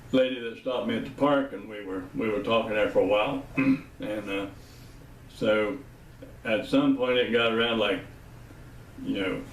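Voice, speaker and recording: A man's voice: fairly low pitch, a little hiss or hum. Laughing folksy man telling stories. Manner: laughs often, teasing, folksy. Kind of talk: casual storytelling. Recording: roomy, slightly distant mic.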